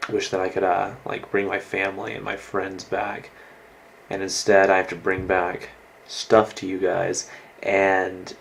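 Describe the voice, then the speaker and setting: A man's voice: low-pitched, creaky, a little hiss or hum, poor audio. A young American man rambling through a casual video diary as an exchange student, full of likes and ums and casual swearing. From United States. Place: indoors in a host family's house.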